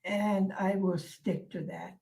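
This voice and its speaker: A woman vlogger chatting casually to her viewers, soft-spoken and musing, pausing often with fillers. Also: medium pitch, steady tone, poor audio. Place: lives in Hungary.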